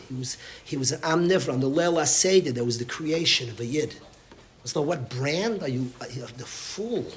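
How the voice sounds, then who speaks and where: A man's voice: fairly high pitch, slight background noise. A man, a rabbi, giving an impassioned lesson to his yeshiva students and repeating phrases for emphasis. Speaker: rabbi teaching a yeshiva class. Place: yeshiva study hall.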